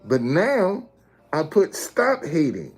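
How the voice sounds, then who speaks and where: A man's voice: a little high, huge pitch swings, takes it slowly, slightly rough, soft background music. A man talking casually to his viewers, explaining things step by step with emphasis and often checking that they follow. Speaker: street messenger and video host.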